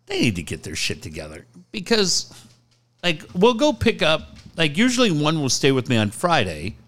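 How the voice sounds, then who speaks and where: A man's voice: a little high, huge pitch swings, normal speed, a bit bright. A middle-aged man from the San Diego area, chatting casually on a podcast, rambling and swearing as he goes. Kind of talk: casual chat.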